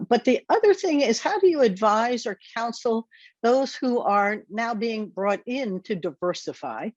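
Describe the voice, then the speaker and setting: An older woman hosting a podcast interview, reflective and quick to laugh. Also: mid-range voice, dry recording, dull audio. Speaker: podcast host. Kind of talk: conversational interview.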